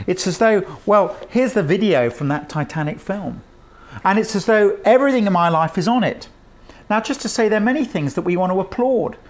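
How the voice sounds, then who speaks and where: A man preaching a sermon in an earnest, emphatic way, asking his listeners rhetorical questions. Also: sits high.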